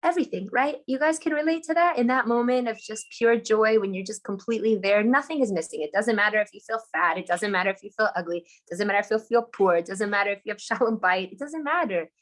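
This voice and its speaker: A woman's voice: mid-range voice, quick pace, hardly any pauses. A woman teaching on a live video call, telling a story in an enthusiastic, chatty way. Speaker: Torah teacher.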